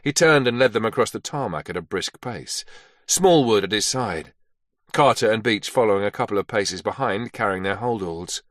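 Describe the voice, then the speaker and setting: A man narrating an action thriller audiobook in a measured, steady read. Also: fairly low pitch, no room sound, studio quality. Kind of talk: scripted narration.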